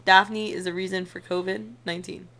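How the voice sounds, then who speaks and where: A young woman co-hosting a casual podcast, teasing and joking with quick laughs. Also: mid-range voice, little pitch movement, pushed and bright. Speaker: podcast co-host.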